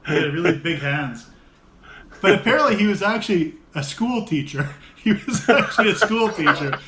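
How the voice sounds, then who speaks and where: A man chatting casually with friends, an animated storyteller who laughs often. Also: high-pitched, moderate pace. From America. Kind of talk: casual chat. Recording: echoey room with faint noise.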